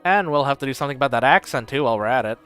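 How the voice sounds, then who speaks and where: A man's voice: medium pitch, expressive, rapid-fire, a bit bright, clean tone, soft background music, close to an everyday voice. A man voicing a blustery, barking retired old nobleman who swears often. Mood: stern. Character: gruff loud old male noble, retired.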